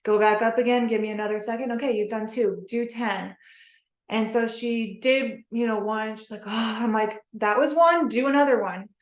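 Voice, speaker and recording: A woman's voice: on the high side, normal speed. A young adult woman telling a story to the camera in casual vlog style, acting out what people said. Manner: animated, acts out quoted dialogue. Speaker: vlogger. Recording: echoey room.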